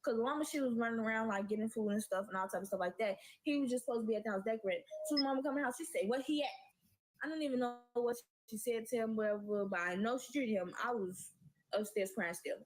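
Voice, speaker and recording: Teen girl, casual storytime rant, exasperated, slangy, swears a lot, fairly high voice. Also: fast, poor audio. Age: late teens.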